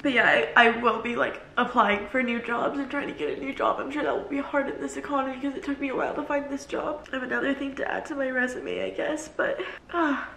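Young woman, tearful, halting confessional vlog talk, echoey room, faint noise. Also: high voice, fairly even intonation, creaky, a bit bright. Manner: halting, many fillers and restarts. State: tearful, crying on and off. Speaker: vlogger. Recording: roomy echo from a distance, faint noise.

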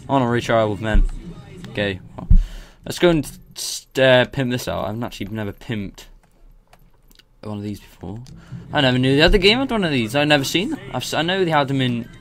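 A young man casually commenting on his own gameplay, rambling and excitable, swearing and laughing as he goes. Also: medium pitch.

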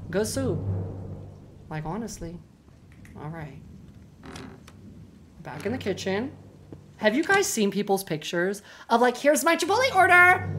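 A young woman streaming a horror game, swearing freely and breaking into yells and laughter as she talks to her chat. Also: medium pitch, noisy background. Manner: loud, swearing, bursts into yelling and laughter. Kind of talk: live gameplay commentary.

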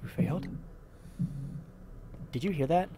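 A man's voice: fairly high pitch, unhurried, mellow, slight background noise. A young man nervously talking through a horror game as he plays, rambling and muttering to himself. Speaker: let's play host. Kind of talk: casual gameplay commentary.

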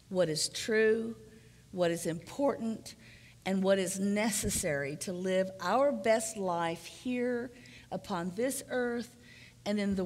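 Slow, earnest woman preaching in a church. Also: mid-range voice. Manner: earnest, emphatic, measured teaching delivery. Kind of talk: sermon. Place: church sanctuary. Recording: church sanctuary with long reverb.

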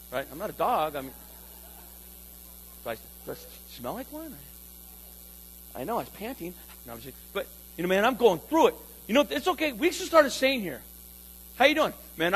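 A man preaching a sermon in a playful, animated way, acting out phrases with sudden loud bursts. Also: sits high, breathy edge, low-quality recording. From California. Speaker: pastor.

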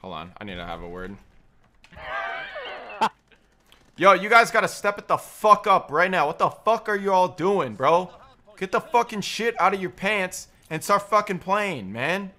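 Bright, lively male gamer yelling callouts. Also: high-pitched, normal speed, a little hiss or hum. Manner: profane, yelling at teammates. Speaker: gamer streaming a match. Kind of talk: live gameplay callouts.

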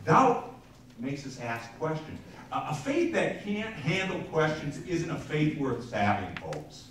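Heard from afar in a reverberant church sanctuary, a male pastor gives a chatty sermon in a slightly high, fairly bright, very animated voice. He speaks a little slowly, with slight background noise. Words get repeated, phrases restarted, and he keeps addressing the congregation with asides.

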